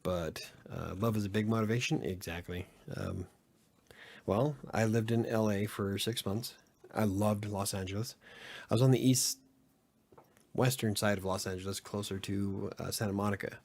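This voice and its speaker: Middle-aged guy from utah, lowish voice, rambling late-night podcast chat, swears a lot. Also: fairly even intonation, unhurried, gravelly, a little mellow. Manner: rambling and candid, with frequent swearing and filler words. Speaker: podcast host.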